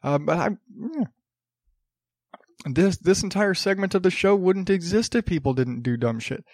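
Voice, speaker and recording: A man's voice: high-pitched, animated, normal speed, a little mellow, dry recording, clean studio sound. A man hosting a solo podcast, ranting sarcastically, rambling with frequent restarts. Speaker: podcast host. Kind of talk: casual solo podcast commentary. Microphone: podcast studio mic.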